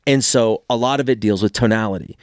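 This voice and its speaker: A man's voice: fairly low pitch, quick pace, dry recording, studio quality. A man in his forties, a co-host in casual chat, talking bluntly and swearing freely.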